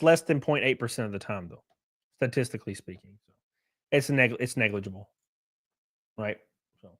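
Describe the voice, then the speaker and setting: A man hosting a livestream, answering chat messages in a brash, profane, animated way. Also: mid-range voice. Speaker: livestream host reading chat.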